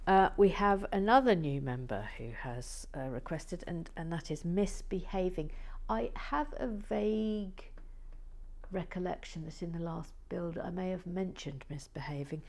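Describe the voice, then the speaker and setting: A woman hosting her channel in relaxed, playful chat, often dropping into whispered asides and stammering restarts. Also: fairly low pitch, measured pace, gravelly. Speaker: channel host building and reviewing brick sets. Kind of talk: relaxed casual chat to viewers.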